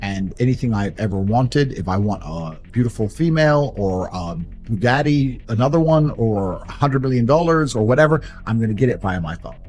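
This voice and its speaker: A man's voice: medium pitch, expressive, moderate pace, few pauses, darkish tone. A man giving a blunt motivational talk in short, repetitive, declarative statements. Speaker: motivational speaker.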